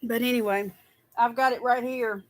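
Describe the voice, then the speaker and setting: A woman's voice: a little high, fairly even intonation, normal speed, no room sound. A woman hosting a casual skincare livestream, chatty and tired, greeting viewers by name.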